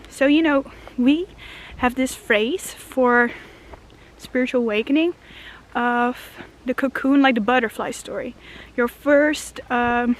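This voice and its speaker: A young woman talking casually while walking outdoors, a bit out of breath, rambling and dreamy, often laughing and stopping to marvel at what she sees. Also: high voice. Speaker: spiritual vlogger. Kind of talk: casual walking vlog monologue. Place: outdoors in a forest.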